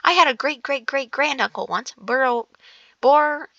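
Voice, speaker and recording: A woman voicing a fussy, indignant male hobbit gentleman in a storybook reading, tripping over words and correcting herself. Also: high-pitched, measured pace, no echo, voice pushed up, heavily acted. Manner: stumbling, self-correcting reading. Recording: dull lo-fi recording.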